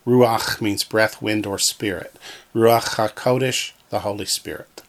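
A man's voice: on the low side, steady tone, a little slow. A man teaching a recorded Hebrew lesson from a textbook, patiently repeating each word so learners can echo it. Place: alone in a room, talking to the wall.

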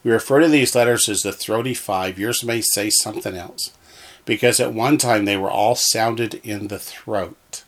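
A man's voice: on the low side, fairly bright tone. A man teaching a reading lesson, patiently sounding out words one syllable at a time from a textbook.

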